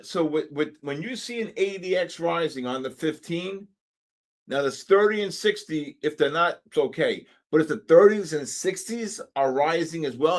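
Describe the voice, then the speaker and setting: Excitable man hosting live trading. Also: a little high. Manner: excitable, exclaiming, repeats himself. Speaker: trading livestream host.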